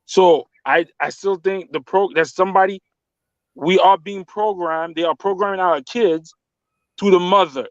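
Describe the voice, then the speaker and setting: A man's voice: sits high, normal speed, no room sound, highs cut off. A man calling into a livestream, arguing passionately and repeating himself when pressed. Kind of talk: heated debate on a livestream call.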